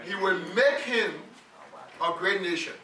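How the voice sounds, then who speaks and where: A man's voice: sits high, measured pace, sharp tone. A man preaching a sermon, emphatic and leading the congregation to repeat phrases after him. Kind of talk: sermon with call-and-response. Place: church sanctuary with congregation. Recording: roomy church hall, mic at a distance.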